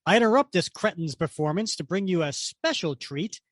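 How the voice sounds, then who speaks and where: A man's voice: sits high, lively intonation, brisk, dry recording, clean studio sound. A man voicing a pompous, showy male villain stage magician with a grandiose, taunting delivery, read from a comic on a podcast.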